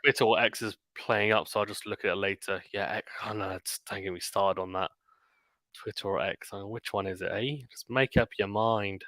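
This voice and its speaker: A man with a lowish, bright and forceful voice calls a tennis match live, shot by shot. Between points he slips into relaxed, offhand chatter. The sound is close and dry. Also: dry recording. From Britain. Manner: rapid calls of the rally mixed with quiet chatty asides. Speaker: stream commentator. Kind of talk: live play-by-play commentary.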